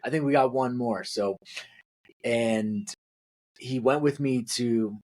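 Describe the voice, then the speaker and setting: A young man co-hosting a podcast, chatting casually and rambling through stories, jumping up high when he acts out quotes. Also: takes it slowly, darkish tone. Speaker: podcast co-host. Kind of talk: casual chat.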